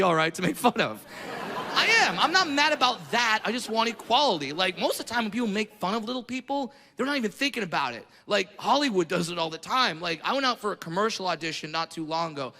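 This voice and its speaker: High-voiced man ranting on stage. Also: vocal fry. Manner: loud, profane, shouting rants. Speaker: stand-up comedian. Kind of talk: stand-up comedy routine. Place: comedy stage with a live audience. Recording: echoey hall with crowd noise.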